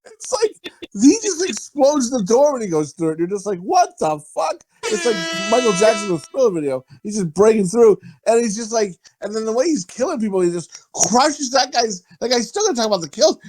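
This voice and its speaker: A man in casual podcast chat, his voice swinging widely up and down. He swears freely, laughs often and talks in an animated, loose way. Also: very high voice, moderate pace, soft background music, poor audio. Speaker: podcast co-host.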